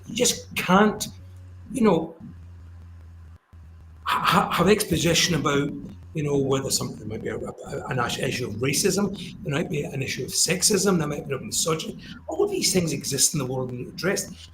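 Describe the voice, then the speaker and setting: Male podcast co-host, fairly high voice, indignant and earnest; roomy, faintly noisy sound. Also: lively intonation, normal speed, over music. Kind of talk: casual panel discussion.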